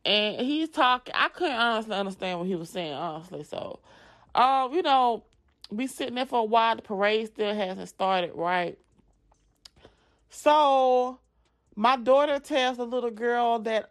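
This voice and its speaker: A woman telling a story casually, animated and profane, dropping into dramatic whispers. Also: on the high side, normal speed.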